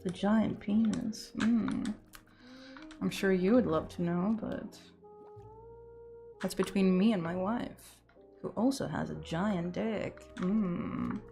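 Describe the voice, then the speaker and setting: Woman streamer, relaxed slow delivery, mid pitch, playful and crude. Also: vocal fry, faint music behind. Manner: playful, rambling, crude jokes. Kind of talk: casual chat with viewers.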